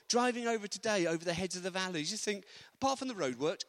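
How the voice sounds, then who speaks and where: A man preaching a sermon, animated, acting out quotes with humorous asides. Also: a little high, fast talker. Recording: long reverb of a large hall.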